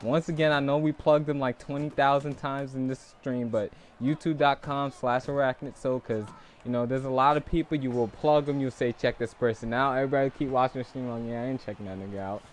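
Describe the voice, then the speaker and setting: A man's voice: medium pitch, steady tone, a little fast, slight background noise. Laid-back young man hosting a stream. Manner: laid-back, breaks into laughter and loud bursts. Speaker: stream host and boxing commentator. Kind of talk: casual live-stream chat.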